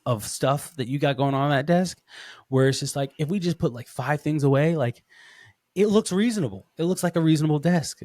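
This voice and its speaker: A man hosting a casual podcast interview, telling rambling, animated stories with lots of restarts. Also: fairly high pitch, a little fast, dry recording, studio quality. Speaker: podcast host.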